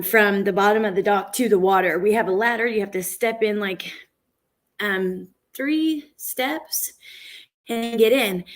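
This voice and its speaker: A woman hosting a casual livestream from home, chatting with viewers and greeting them by name, with lots of fillers. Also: mid-range voice. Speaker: true crime livestream host. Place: at home, indoors. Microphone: computer camera setup for a livestream.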